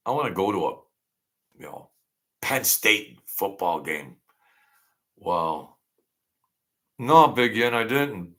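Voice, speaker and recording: A man hosts a laid-back livestream, drawling slowly and wandering from one thought to the next as he reads out and answers his viewers' comments. His low voice is gravelly, with a bright, forceful edge. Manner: rambling, greets viewers by name and answers their comments. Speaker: livestream host. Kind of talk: casual livestream chat.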